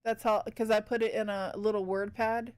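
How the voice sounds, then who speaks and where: Chatty woman streamer, smooth voice. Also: mid-range voice, level tone, moderate pace, darkish tone. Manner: chatty, talks to chat while working. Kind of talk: casual livestream chat while painting.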